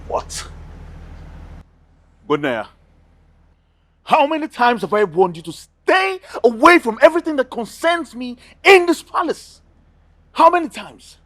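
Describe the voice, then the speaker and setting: A taunting, arrogant young prince. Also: male voice, sits high, very animated, measured pace, long pauses, breathy edge, exaggerated voice. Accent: Nigerian. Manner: taunting, boastful, hot-tempered. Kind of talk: film drama acting.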